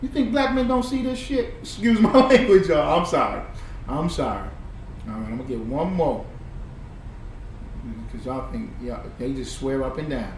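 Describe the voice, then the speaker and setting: A man giving animated, preachy and profane reaction commentary on played clips, laughing often. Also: a little high, moderate pace. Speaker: online commentator. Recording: echoey room, far from the mic, faint noise.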